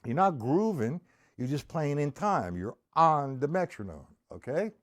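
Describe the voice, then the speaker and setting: A man's voice: on the high side, very animated, a little slow. A middle-aged man teaching a live-streamed drum lesson, patiently explaining and counting aloud as he plays.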